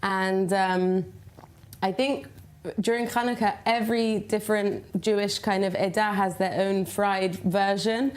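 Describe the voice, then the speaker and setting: A woman's voice: medium pitch, fairly even intonation, a little slow. Woman, recipe developer, studio interview guest, earnest, explanatory.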